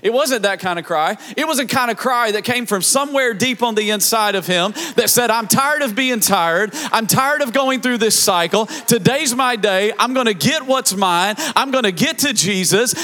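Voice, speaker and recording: High, bright-voiced preaching pastor. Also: male voice. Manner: passionate preaching, building to shouts; repetitive rhythmic cadence. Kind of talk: sermon.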